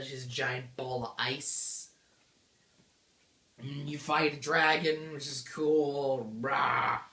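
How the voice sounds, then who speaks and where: A woman's voice: a bass voice, sharp tone, echoey room. A woman giving a bubbly, jokey recap of a video game as a reviewer. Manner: bubbly, gushing, jokey retelling.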